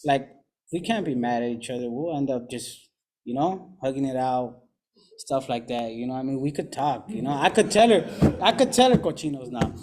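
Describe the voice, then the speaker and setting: A man's voice: medium pitch, animated, normal speed, darkish tone, slight background noise. A young man talking casually and candidly about his recovery, in rambling slangy speech full of "you know". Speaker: recovering addict sharing his story.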